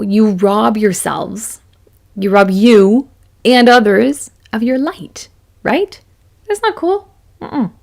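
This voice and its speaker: A woman's voice: fairly low pitch, gravelly. A woman in her forties giving a chatty, self-deprecating motivational talk to camera as a business coach, laughing often.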